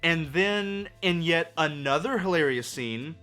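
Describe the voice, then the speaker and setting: A man's voice: a little high, animated, a little slow, bright, forceful tone, soft background music. A man ranting through a movie review, sarcastic and profane, full of exasperation.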